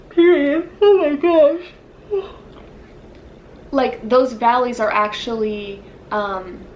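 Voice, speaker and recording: A woman's voice: medium pitch, fairly bright tone, slight background noise, low-quality recording. A woman giving a casual pick-a-card tarot reading, rambling and searching for words with lots of fillers, yawning now and then. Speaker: tarot reader.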